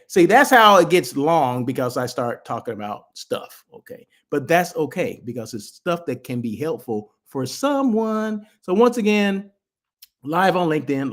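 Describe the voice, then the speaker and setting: A man hosting a live daily show, chatting casually in a rambling way with lots of asides and restarts. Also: mid-range voice. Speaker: host. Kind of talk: casual livestream chat.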